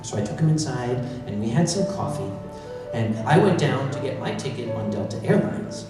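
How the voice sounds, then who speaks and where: A man from North Carolina telling a comic story live, animated and full of asides and sound effects. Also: mid-range voice, moderate pace, far from the mic, music in the background. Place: large convention hall. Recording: echoey hall recorded from afar.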